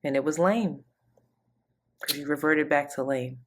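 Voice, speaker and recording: A woman's voice: low voice, a little slow. A woman co-hosting a casual pop culture podcast, giving blunt, opinionated takes. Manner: opinionated, blunt, laughs often. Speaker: podcast co-host.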